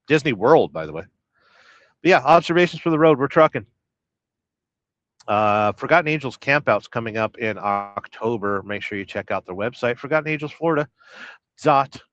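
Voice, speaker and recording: A man streaming live from his parked truck cab, chatting casually with deadpan, sarcastic jokes and plenty of swearing. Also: fairly low pitch, no room sound. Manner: profane, deadpan sarcastic joking. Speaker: trucker and livestream host. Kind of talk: casual livestream chat.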